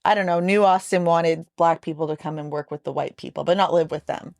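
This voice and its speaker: A woman with a somewhat low voice talks through a book in a loose, chatty way, trailing off and circling back as she thinks. The sound is dry and close, with no room around it. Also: fairly even intonation, brisk, creaky, a little mellow, no room sound. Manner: chatty, thinks aloud with many "like"s. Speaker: podcast co-host. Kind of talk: casual book-discussion chat.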